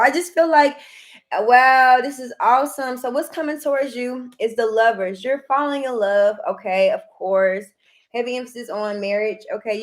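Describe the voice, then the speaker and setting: A woman giving a casual tarot reading to viewers, chatty, often repeating "heavy emphasis" and "okay," with bursts of excitement. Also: mid-range voice. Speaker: tarot reader.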